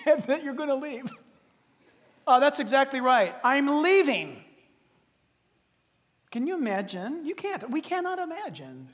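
Male pastor, sermon, high voice, lively, long hall reverb. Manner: animated, joking, swings from hushed to shouting. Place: church hall.

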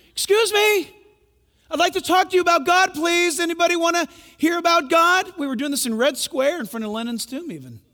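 A man preaching a sermon, telling stories with animated swings from loud bursts to hushed tones. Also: very high-pitched, in a large hall. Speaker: pastor.

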